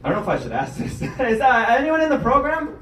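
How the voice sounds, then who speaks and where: Man doing stand-up, high lively voice, swooping pitch, echoey club room, heard from a little off-mic. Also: fast, distant mic, background noise. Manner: animated, self-deprecating storytelling with acted quotes. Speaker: stand-up comedian hosting the show. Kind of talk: stand-up comedy set. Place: comedy club stage.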